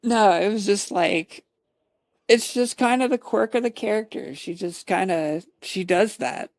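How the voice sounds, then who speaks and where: Woman streamer chatting to chat, slow and laid back, lots of laughing and swearing. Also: mid-range voice, no room sound. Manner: laughs often, swears casually, animated storytelling. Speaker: roleplay streamer.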